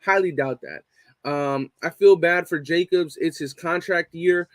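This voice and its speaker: A young man hosts a casual live fan stream, reading the chat, swearing a lot and repeating points for emphasis. His voice is on the high side and measured in pace, with no room sound.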